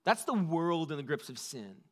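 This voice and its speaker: A man's voice: on the high side, very animated, moderate pace, a bit bright, slightly rough. A man preaching a conversational sermon, full of "like" fillers and shifting emphasis. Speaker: pastor.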